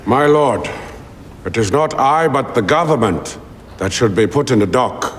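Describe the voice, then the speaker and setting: A man's voice: mid-range voice, expressive, music in the background, natural voice. An actor playing a solemn older South African statesman. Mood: defiant. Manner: slow, weighty oratory. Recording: reverberant film audio with loud score.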